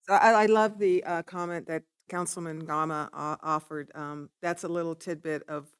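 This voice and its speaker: Smooth-voiced eager woman council member. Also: low-pitched, steady tone, normal speed, no room sound, clean studio sound. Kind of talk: meeting discussion. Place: city council chamber.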